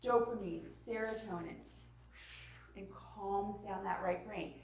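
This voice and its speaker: Animated woman teaching in an echoey hall. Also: medium pitch, takes it slowly, recorded from a distance. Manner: animated, acts out parent and child voices, drops to whispers. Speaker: parenting workshop presenter. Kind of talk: lively parenting talk to a live group.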